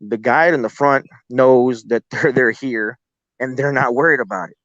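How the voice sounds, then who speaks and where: A man's voice: medium pitch, normal speed, fairly bright tone, dry recording. Guy rambling through a story, swears a lot, dry close sound, kinda dull lo-fi audio. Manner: profane, rambling, with restarts. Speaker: guest telling encounter stories. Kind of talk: casual storytelling.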